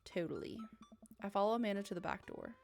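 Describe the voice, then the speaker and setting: A woman's voice: medium pitch, moderate pace, soft background music. A woman playing a dating game aloud, reading every character in a playful way. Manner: playful, voices several characters, laughs and tears up. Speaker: let's play gamer.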